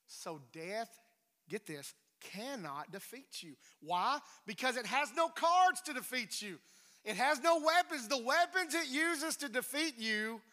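A man preaching a sermon, emphatic, swinging between loud declarations and hushed near-whispers. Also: high-pitched. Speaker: pastor. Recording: reverberant hall.

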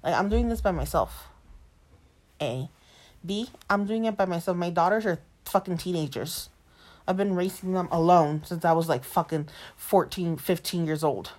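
A defiant woman in her late twenties rants about her life, swearing heavily and circling back to the same points. Her voice sits a bit low, and she drops into Spanish mid-sentence now and then. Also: normal speed, a little mellow. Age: 20s. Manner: heavy swearing, defiant, repeats herself; switches between English and Spanish. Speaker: single mother. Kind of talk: venting monologue to camera.

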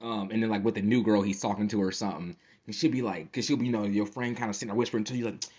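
A man's voice: fairly low pitch, fairly even intonation, very fast, a little mellow, breathy edge, muffled recording. A man hosting a casual solo podcast, slangy and profane, often laughing as he tells stories. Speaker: podcast host.

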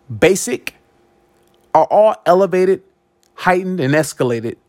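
A man on the high side of the pitch range hosts a show, telling a personal story as a monologue with no room sound. His delivery is animated, full of repeated words and acted-out quotes from other people.

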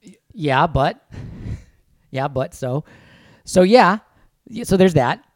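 A man's voice: fairly high pitch, animated, takes it slowly, dry recording. Casual co-host, middle-aged man, whiny grumble, dry close mic. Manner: grumbling, self-deprecating. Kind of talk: casual chat.

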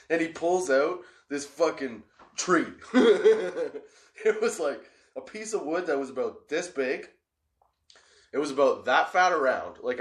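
A man tells a wild story in casual conversation, swearing, laughing often and checking in with "okay?". His voice is fairly high-pitched, and the sound is roomy.

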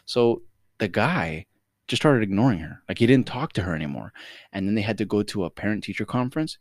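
Animated low-voiced man, swearing a lot. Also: a little fast, dry recording, studio quality. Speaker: podcast co-host. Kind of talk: casual chat.

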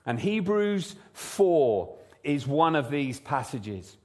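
A man preaching a sermon in a church service, praying and then talking in a lively, conversational way full of rhetorical questions. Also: fairly high pitch, slow. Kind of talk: sermon with prayer. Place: church service, also streamed online.

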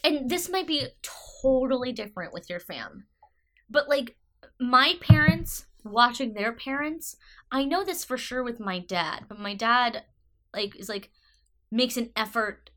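A young woman co-hosting a podcast, talking casually in a thoughtful, halting way full of fillers. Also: a little high, expressive, a bit bright. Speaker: podcast co-host. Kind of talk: casual chat.

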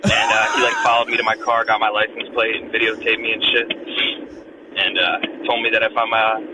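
A man's voice: fairly low pitch, flat delivery, a little fast. A man telling a rambling, profane story full of fillers, recorded casually. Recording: dull lo-fi recording with noise.

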